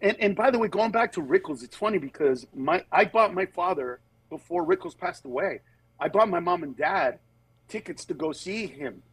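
A man who works as a stand-up comedian, telling stories in a casual conversation. He acts out other people's voices and turns earnest and measured on serious topics. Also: high-pitched, sing-song, gravelly, fairly bright tone, breathy edge, dry recording.

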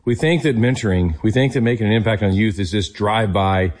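A man's voice: lowish voice, a little fast, a little mellow. A man hosting a Christian talk show and interview, speaking with enthusiasm and affirming his guest. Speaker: host.

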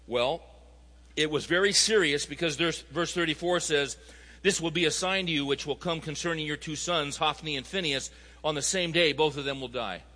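A man delivers a sermon in a high, bright voice. He moves through stories and scripture, building to emphatic points. The sound carries a long hall reverb. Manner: storytelling, rising to emphatic appeals. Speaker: pastor.

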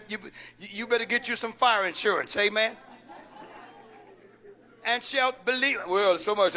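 This sermon comes from a pastor whose very high voice sounds pushed and bright. Tossing questions to the congregation for them to answer, he keeps repeating the important lines in call-and-response style.

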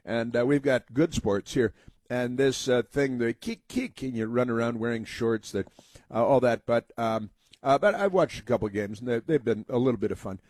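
A man from the US hosts a rambling talk radio monologue full of fillers, now and then slipping into put-on voices to mock others. He talks at a normal speed with an ordinary, slightly mellow pitch, recorded dry and up close with no sense of a room.

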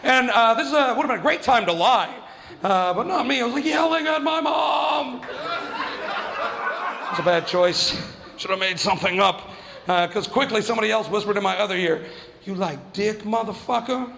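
High-voiced profane stand-up comic man. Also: animated, moderate pace, creaky, big-room sound, noisy background. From New Mexico. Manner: profane, self-mocking, acts out voices. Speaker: stand-up comedian. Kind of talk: stand-up storytelling.

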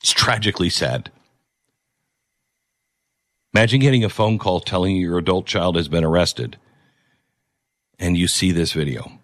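A man's voice: sits low, normal speed, pauses often, a bit bright, dry recording, studio quality. A man hosting an opinionated commentary show, talking emphatically and repeating key phrases.

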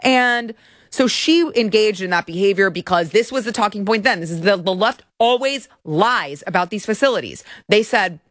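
A woman hosting a political commentary show, talking in a sarcastic, indignant, animated way. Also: medium pitch, normal speed, no echo, clean studio sound.

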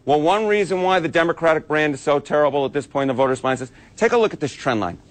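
A man's voice: on the high side, lively intonation, fast. A man giving emphatic political analysis on TV, hammering words by repeating them. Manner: emphatic, repetitive. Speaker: political commentator.

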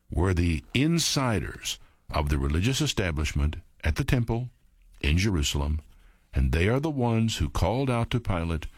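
A Bible teacher with a lowish, husky voice, recorded dry and at studio quality, teaches a sermon. He reads verses aloud and then comments on them plainly and conversationally, speaking directly to his listeners.

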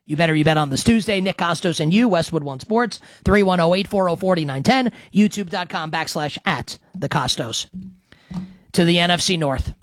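Brash, animated male sports show host. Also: fairly high pitch, moderate pace, dry recording. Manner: brash, animated, crude jokes. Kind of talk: solo sports betting talk show.

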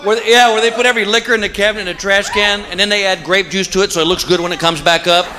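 A man's voice: sits high, fairly even intonation, racing, heavy background noise. A man doing a folksy stand-up routine, stretching out his punchlines. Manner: folksy storytelling with a drawled punchline. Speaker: stand-up comedian. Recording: live show with loud audience.

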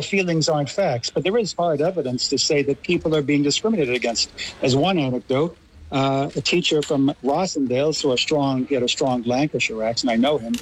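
A man's voice: on the high side, a little hiss or hum, rough recording. A man from Los Angeles with an American accent, explaining articulately as a guest on a radio panel. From Los Angeles, USA. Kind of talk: radio discussion.

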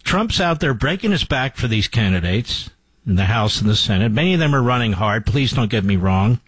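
A man's voice: mid-range voice, sing-song, fairly quick, fairly bright tone, breathy edge, dry recording. A man hosting a talk show, giving emphatic, incredulous political commentary.

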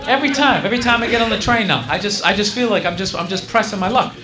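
A man tells a rowdy, profane stand-up story from a club stage, and his voice is very high for a man. It rings out through a roomy, echoey space. Audience laughter and steady noise sit behind him. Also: very fast, crowd noise. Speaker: stand-up comedian. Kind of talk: stand-up comedy.

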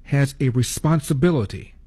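A man's voice: medium pitch, normal speed, mellow, breathy edge. An older man hosting a talk radio show, delivering a sarcastic monologue full of rhetorical questions.

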